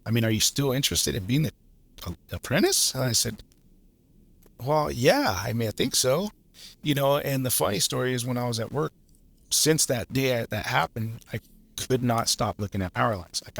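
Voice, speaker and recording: A man's voice: mid-range voice, fairly bright tone, no echo. A man, a lineman guest from Los Angeles, telling stories in a laid-back way, swearing freely and laughing as he goes. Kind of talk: casual storytelling.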